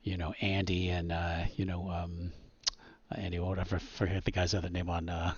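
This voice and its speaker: A man's voice: low-pitched, monotone, moderate pace, slightly rough, no echo, muffled recording. A man narrating a tabletop game as game master, hesitant and full of ums and restarts.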